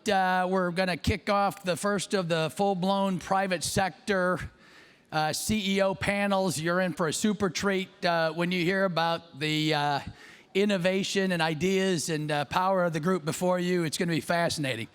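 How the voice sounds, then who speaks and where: A man's voice: sits high, fairly even intonation, moderate pace, a bit bright, clean tone. A man hosting a live summit who is losing his voice, talking upbeat with many fillers in an event room before an audience. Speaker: summit host.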